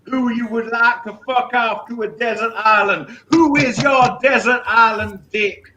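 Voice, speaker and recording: Brash high-pitched man cracking jokes. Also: fairly even intonation, measured pace, bright, forceful tone, a little hiss or hum, rough recording. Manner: brash, profane, teasing. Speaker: guest host. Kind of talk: comedy panel banter.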